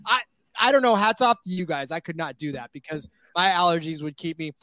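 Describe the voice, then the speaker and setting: A man's voice: on the high side, expressive, a little fast, pushed and bright, dry recording. A man hosting a sports betting podcast in a casual, joking way, with lots of fillers. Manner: chatty, jokey, many fillers. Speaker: podcast host.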